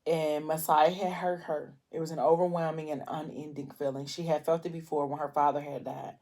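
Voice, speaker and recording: Low-voiced woman chatting about a book. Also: level tone, a little fast, warm tone. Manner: chatty, emotional retelling with many fillers. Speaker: book vlogger. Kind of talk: casual book recap while eating.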